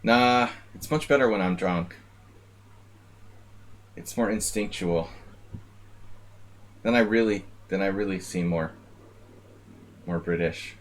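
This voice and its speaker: A man's voice: deep voice, takes it slowly, long pauses. A man live-streaming blitz chess, chatting casually with viewers and rambling jokingly between moves. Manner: rambling, joking, talks to chat.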